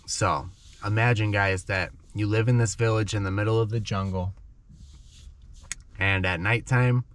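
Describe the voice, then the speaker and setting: Guy with a lowish voice telling a creepy jungle story slowly for english learners, keeps saying okay?. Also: steady tone, fairly bright tone. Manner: dramatic storyteller who keeps checking in with "okay?". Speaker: English teacher. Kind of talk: storytelling lesson in simple English.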